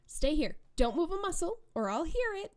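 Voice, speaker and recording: A woman reading the lines of a hulking female backwoods killer from a dating game, with a playful, low-key menace. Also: big pitch swings, moderate pace, darkish tone.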